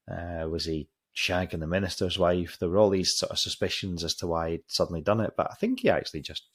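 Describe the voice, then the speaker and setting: A podcast host tells a long story in a loose, rambling way. His voice is low and husky, and he swears freely, often stopping to restart a sentence. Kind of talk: casual storytelling.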